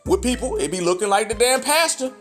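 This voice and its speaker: A man's voice: extremely high pitch, expressive, a bit bright, soft background music. A man hosting a podcast, delivering an emphatic commentary monologue with a preacher-like cadence and frequent profanity. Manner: mimics other voices in quick asides. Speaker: podcast host.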